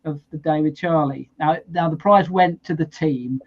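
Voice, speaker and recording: A man's voice: a little high, normal speed. A man hosting a podcast, chatting casually as he runs through news. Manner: chatty, friendly news roundup. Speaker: podcast host. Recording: dull lo-fi sound.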